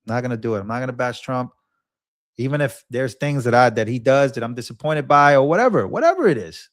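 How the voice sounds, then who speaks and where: A man's voice: medium pitch, lively intonation, fast, no room sound, studio quality. Earnest young man rambling on a live stream. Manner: earnest, rambling, repeats himself. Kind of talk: emotional live-stream talk.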